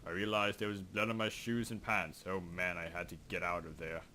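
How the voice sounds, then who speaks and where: A man's voice: deep voice, level tone, a little fast, bright, forceful tone, slight background noise. A young man giving casual, rambling commentary while playing a video game, reading game text aloud and joking at himself. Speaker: gaming video host. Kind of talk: casual let's play commentary. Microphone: desk microphone.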